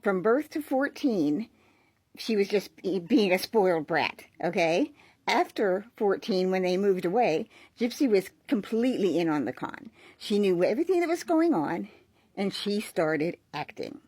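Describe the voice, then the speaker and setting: Chatty woman with a husky edge. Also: mid-range voice, big pitch swings, measured pace, a little mellow, no echo. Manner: chatty, explains with fillers and check-ins. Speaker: social media creator. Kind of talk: casual explanatory monologue.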